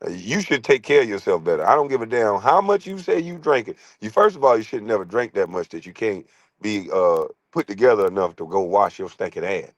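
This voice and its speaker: A middle-aged man streaming a profane comic rant, crude, loud and laughing often. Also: fairly low pitch, sing-song, fairly quick, no echo.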